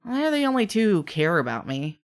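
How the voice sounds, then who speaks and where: A woman's voice: mid-range voice, big pitch swings, lightly acted. Woman doing a teasing trickster spirit. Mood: dismissive. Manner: teasing, drawn-out, chatty with trailing fillers. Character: mischievous male trickster spirit, playful and bored.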